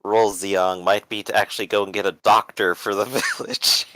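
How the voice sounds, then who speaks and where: Man player, very deep, bright edge. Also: flat delivery, moderate pace, a little hiss or hum. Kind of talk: casual tabletop play.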